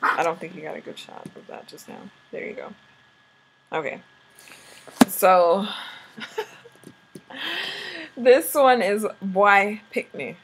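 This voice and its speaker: A woman co-hosting a home vlog, casually teaching words, often laughing and slowly repeating words to coach. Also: medium pitch, lively intonation, background noise.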